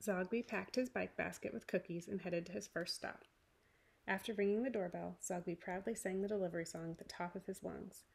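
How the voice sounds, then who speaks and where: A woman's voice: fairly low pitch, fairly even intonation, fairly quick. A woman teacher reading a picture book aloud to young children. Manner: clear, warm read-aloud narration for young children.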